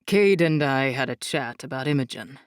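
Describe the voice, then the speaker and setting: A woman voicing a tired, caring young husband in an audiobook, speaking low and weary. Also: lively intonation, moderate pace, dry recording, studio quality. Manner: low, weary and soft-spoken. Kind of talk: audiobook character voice.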